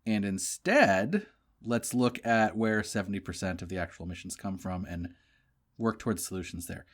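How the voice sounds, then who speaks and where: A man's voice: fairly low pitch, animated, moderate pace. A young man co-hosting a casual podcast chat, wry and joking, drifting into rambling asides. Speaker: podcast co-host.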